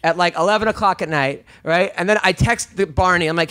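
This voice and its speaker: Casual male podcast host, quick rambling anecdotes peppered with swearing. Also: high-pitched, a bit bright. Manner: rapid, profane, rambling with frequent "right?". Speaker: comedian host telling a story. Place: studio.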